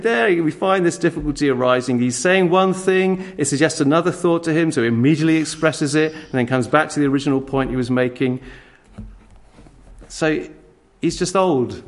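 A man preaching a sermon in a church, animated, acting out quick dialogues and chuckling at his own jokes. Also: on the high side.

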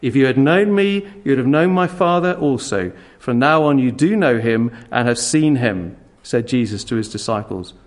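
A man preaching a sermon in a church, animated, acting out quick dialogues and chuckling at his own jokes. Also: medium pitch.

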